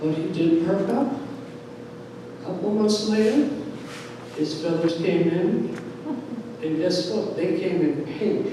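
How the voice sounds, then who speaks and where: A man in his sixties telling a personal story live on stage, animated and lively, recorded from far off in an echoey, noisy hall. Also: high voice, slow pace, pauses often. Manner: animated, lively, acts out voices.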